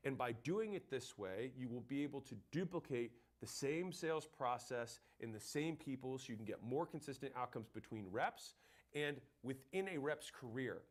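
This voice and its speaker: A man's voice: medium pitch, animated, moderate pace. A man who trains salespeople, teaching in a blunt, emphatic way and swearing casually. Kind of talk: instructional talk to camera.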